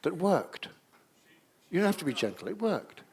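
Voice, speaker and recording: A man's voice: sits high, normal speed, creaky. A man leading an improvisation exercise in front of a live audience, coaxing people and calling out to them. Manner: energetic, coaxing, calls out to the audience. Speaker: workshop leader. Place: seminar room with a live audience.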